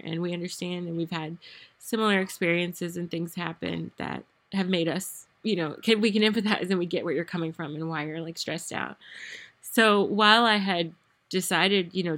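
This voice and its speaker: A young adult woman hosting a podcast, telling a personal story in a rambling way with many fillers, her voice at times wavering with emotion. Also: on the low side. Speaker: podcast host.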